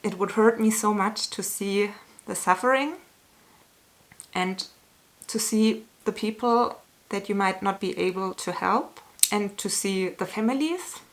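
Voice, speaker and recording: Earnest woman vlogging to camera. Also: medium pitch. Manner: earnest, candid, sometimes emotional and softly laughing; slow, searching phrasing with small restarts. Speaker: YouTuber answering a tag. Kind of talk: casual talk to camera.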